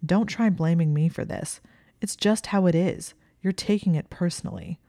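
A woman voicing a possessive, domineering young male wizard who speaks in a low, commanding growl. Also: moderate pace, mellow, no echo, clean studio sound, close to an everyday voice.

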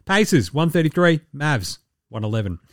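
A man's voice: a little high, big pitch swings, normal speed, dry recording, clean studio sound. A man hosting a podcast, running through sports results in a loose, joking, sweary casual chat. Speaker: podcast host.

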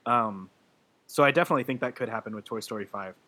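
A man's voice: medium pitch, quick pace, bright, forceful tone. A man in casual podcast chat, gushing and emotional, rambling with many fillers and restarts. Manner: gushing about a film, laughing through his words.

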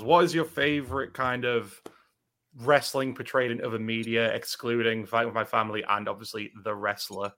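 A man co-hosting a casual wrestling chat, talking quickly with frequent laughs and asides. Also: mid-range voice, steady tone, a bit bright. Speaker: podcast co-host.

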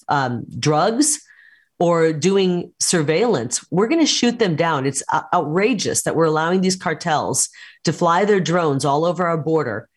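A woman candidate speaks with firm, combative conviction. Her delivery is steady and emphatic, with punchy repeated promises. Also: lowish voice. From United States. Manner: forceful, combative campaign talk. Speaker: political candidate. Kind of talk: interview over a call.

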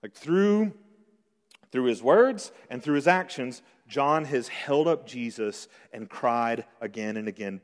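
A man in his thirties preaching a sermon as pastor, earnest and emphatic, rising to strong peaks and dropping to hushed lows. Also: expressive, slow pace. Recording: long reverb of a large hall.

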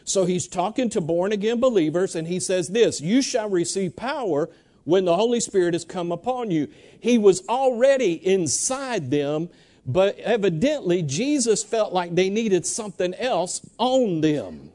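A man preaching a sermon, animated and urging the congregation to answer back, reading Bible verses slowly. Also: sits high. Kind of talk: sermon with congregation call-and-response.

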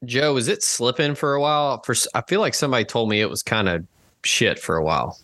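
Animated, jokey podcast guy. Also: fast, no echo, studio quality. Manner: animated, jokey, swings pitch for bits. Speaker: podcast co-host. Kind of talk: casual chat.

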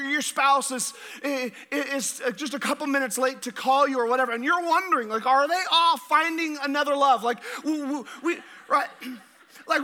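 A middle-aged man preaches with a high, sharp, bright voice. He is energetic, restarts and repeats his words, and keeps asking the congregation questions. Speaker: pastor. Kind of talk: sermon.

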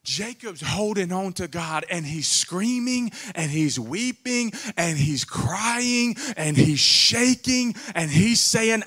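A man preaching a sermon as a guest speaker, emphatic and fervent, often saying "come on" and sometimes dropping to a quiet, low voice. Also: lively intonation, slow, hardly any pauses. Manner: drops to a low, quiet voice in long passages.

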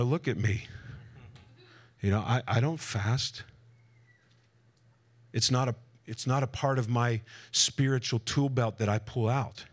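A man preaching to a live conference audience, energetic and direct, with a voice in the middle of the male range. He breaks in with jokey asides and keeps checking whether the crowd is following him. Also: mid-range voice, husky. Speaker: conference speaker.

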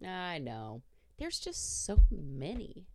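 A woman's voice: on the low side, huge pitch swings, slow pace, dry recording, clean studio sound. A woman hosting a podcast, chatting casually in a bawdy, self-mocking way and laughing often. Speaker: podcast host. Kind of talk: casual chat.

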